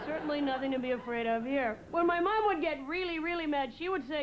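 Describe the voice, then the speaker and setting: High-pitched woman comic, from New England, rambling and hesitant; noisy live-audience studio. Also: a loud crowd. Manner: rambling, halting delivery with many "uh"s. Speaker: stand-up comedian. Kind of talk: stand-up comedy set. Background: audience laughter.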